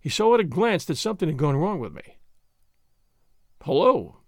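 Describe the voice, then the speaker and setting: Man narrating with a lively, high voice. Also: fast talker, no room sound, clean studio sound. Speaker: audiobook narrator. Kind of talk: first-person story narration.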